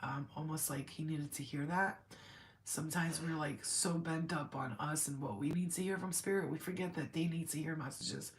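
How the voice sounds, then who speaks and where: A woman's voice: deep voice, steady tone, normal speed. A woman medium giving a live channeled reading, rambling and emotional as she speaks to a spirit and to her client.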